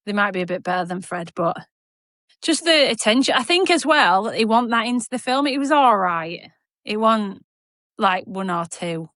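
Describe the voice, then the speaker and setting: A woman's voice: mid-range voice, fairly bright tone, no echo. Chatty woman, dry sound. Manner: chatty, rambling, self-mocking, quick to laugh. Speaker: podcast co-host. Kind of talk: casual chat.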